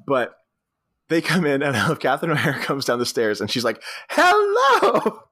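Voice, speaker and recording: A man's voice: mid-range voice, fast, a bit bright. A man co-hosting a podcast, retelling movie scenes in casual chat and laughing often. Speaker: podcast co-host.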